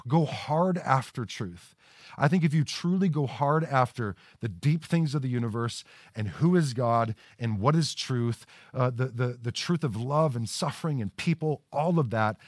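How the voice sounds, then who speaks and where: A man's voice: medium pitch, no room sound, clean studio sound. A man preaching a sermon in a conversational way, often repeating words as he starts a sentence. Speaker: pastor. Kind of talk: livestreamed sermon.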